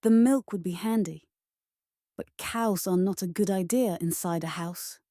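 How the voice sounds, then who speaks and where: Mellow-voiced woman reading a children's story. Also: lowish voice, no echo, clean studio sound. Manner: gentle, measured read-aloud delivery.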